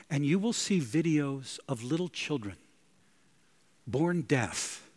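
Animated preacher man with gasping emphasis. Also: on the high side. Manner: dramatic, with sudden gasps and soaring emphatic peaks. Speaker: pastor. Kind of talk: sermon.

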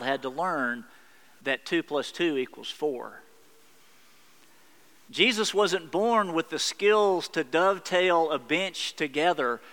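A male pastor delivers a sermon in an earnest, reflective way, building emphasis through repetition. His voice is slightly high, bright and smooth. The long reverb of a church hall carries it.

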